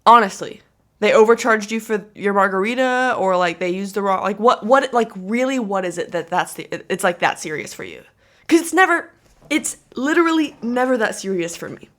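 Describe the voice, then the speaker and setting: Chatty, exasperated woman vlogger. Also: medium pitch. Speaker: commentary vlogger. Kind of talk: casual reaction commentary. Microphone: camera.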